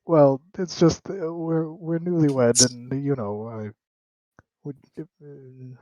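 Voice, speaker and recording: Brief: man as a hesitant newlywed, slow and lively, dull dry recording. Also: fairly high pitch, no echo. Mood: sheepish. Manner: hesitant, stammering. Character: sheepish newlywed male con man. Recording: dull, lo-fi mic.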